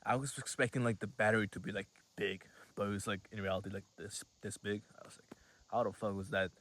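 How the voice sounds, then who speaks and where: An 18-year-old man rambles through a casual vlog story, leaning on fillers and dropping swear words. His voice sits on the lower side for a man. He talks loosely, like he is catching up with a friend. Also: steady tone, quick pace, a bit bright. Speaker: vlogger.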